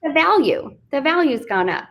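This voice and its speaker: On a live online video stream, a Texas author and business coach from Fort Worth tells a candid, self-deprecating story in a casual interview. Her high-pitched voice is very animated and a bit bright, at a moderate pace.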